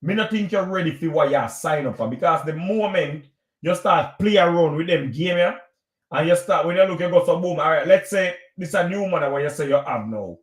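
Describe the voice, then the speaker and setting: A man's voice: fairly high pitch, fairly quick, roomy sound. A man with a Jamaican accent lecturing his live-stream audience in a preachy, repetitive way. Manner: preachy, lecturing, repeats himself. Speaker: vlogger hosting a live stream.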